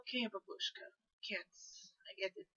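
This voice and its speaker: A woman's voice: normal speed, sharp tone, close to an everyday voice. A woman doing a put-on Russian accent in blunt, broken English, playing a brash storyteller. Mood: exasperated. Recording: dull lo-fi recording.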